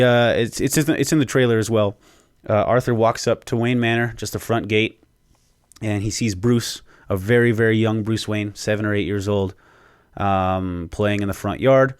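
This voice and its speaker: A man hosting a podcast in an excited, casual way. He swears freely and fills pauses with "um". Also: fairly low pitch, no room sound, studio quality. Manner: excited, profane, lots of fillers. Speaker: podcast host. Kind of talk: casual chat.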